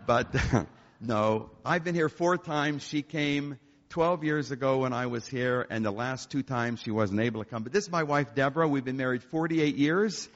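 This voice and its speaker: This is a storytelling talk by an older concert pianist, invited to speak in a church hall, whose voice sits at medium pitch and moves at an ordinary pace. Animated and joking, he spins tales for the crowd, and the sound is echoey, dull and lo-fi.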